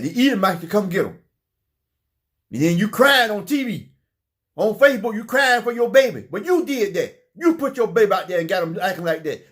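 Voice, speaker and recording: A man delivering an impassioned preaching monologue, fervent, often repeating phrases and stumbling over his words. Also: high voice. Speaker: religious speaker.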